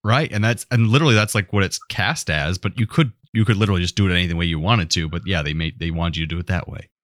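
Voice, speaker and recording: A man with a lowish voice co-hosts a casual podcast chat. He tells stories with animated energy and laughs often, and the sound is dry and close. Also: fast talker, no echo. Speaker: podcast co-host.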